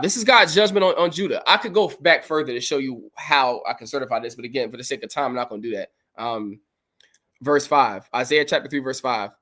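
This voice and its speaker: A man's voice: mid-range voice, a bit bright. A man hosting a livestream, reading Bible verses aloud and commenting on them in an emphatic, preachy way. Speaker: podcast host.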